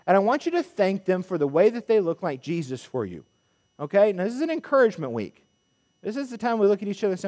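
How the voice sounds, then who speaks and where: Male preacher, animated emphatic sermon, slightly raised pitch, echoing sanctuary. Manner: animated, rising emphatic calls to the congregation. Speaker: pulpit minister. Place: church sanctuary. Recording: long church reverb.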